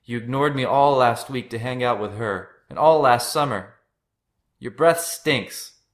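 A man voicing an angry, tearful young man yelling at his brother. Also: medium pitch, measured pace, reverberant, pitched above the performer's own voice, lightly acted.

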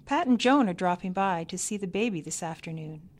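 Welcoming old grandma, quick and eager, pitched up, voiced by a woman reader. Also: lively intonation. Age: older. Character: hospitable elderly grandmother, brisk.

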